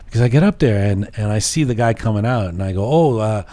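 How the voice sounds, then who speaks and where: A middle-aged man from England, casually telling an animated funny story and mimicking voices. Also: fairly low pitch, fast talker. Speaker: podcast host telling a story.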